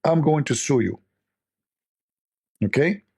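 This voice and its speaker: On a laid-back livestream, a male host talks in a gravelly, husky voice, rambling slowly with mocking sarcasm. He's expressive, but his tone stays dark and dimly lit throughout.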